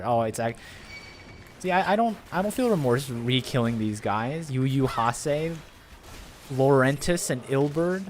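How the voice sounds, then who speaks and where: A man streaming a game live, chatting excitably and rambling with restarts, his voice jumping up on exclamations. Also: measured pace, a little hiss or hum. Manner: excitable, jumps up in pitch on exclamations. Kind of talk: live gameplay commentary.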